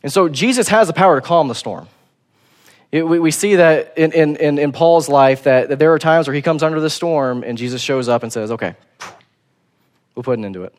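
A man preaching a sermon in a casual, conversational way, acting out quotes in a relaxed voice. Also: fairly high pitch.

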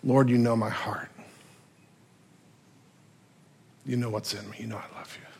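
A man voicing a humbled apostle, speaking low and hushed during a sermon. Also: very fast, slightly rough. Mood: hushed, contrite. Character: humbled apostle, a grown man, quietly remorseful.

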